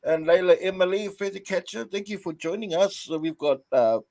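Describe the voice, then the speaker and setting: A man in his fifties hosting a casual live chat, rambling and halting with plenty of filler words. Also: high voice, darkish tone. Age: 50s. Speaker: host.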